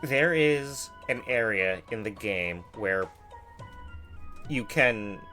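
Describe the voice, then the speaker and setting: A woman's voice: rumbling low, takes it slowly, soft background music. A woman with a Southern US accent streaming a video game, joking and swearing in casual commentary. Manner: lively, swears often, jokey.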